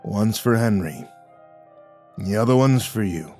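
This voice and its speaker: Guy doing a boozy dad, hoarse slurry growl, low and mean. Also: lively intonation, unhurried, darkish tone. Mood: contemptuous. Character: drunk, hostile middle-aged father with a hoarse, slurring growl. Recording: faint music underneath.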